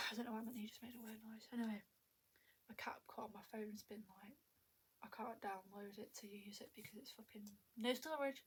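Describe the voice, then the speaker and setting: A woman's voice: fairly high pitch, fairly even intonation, normal speed, fairly bright tone, a little hiss or hum. A young woman vlogging at home into a tablet camera, chatty and self-mocking, a little out of breath and often half-whispering. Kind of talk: rambling casual chat to camera. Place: at home indoors.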